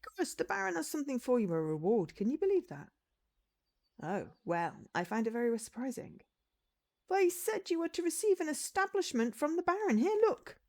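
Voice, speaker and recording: Lady doing a squeaky overjoyed village woman in a put-on accent, jumps around a lot. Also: big pitch swings, fairly quick, darkish tone. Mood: excited. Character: excitable female villager, high and breathless. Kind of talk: visual novel read-aloud.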